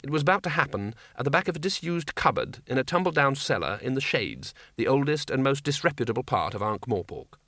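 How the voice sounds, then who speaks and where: Guy reading a comic fantasy audiobook, wry and dry, bright voice, no room sound. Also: mid-range voice, sing-song, brisk, few pauses, no room sound. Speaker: audiobook narrator. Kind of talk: scripted narration.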